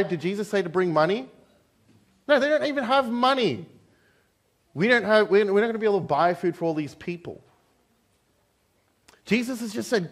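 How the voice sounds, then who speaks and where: A young Australian man with an Australian accent giving a conversational church sermon, joking and acting out the people in the story. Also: sits high. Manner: conversational, joking, acts out quoted voices. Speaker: pastor. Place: church hall.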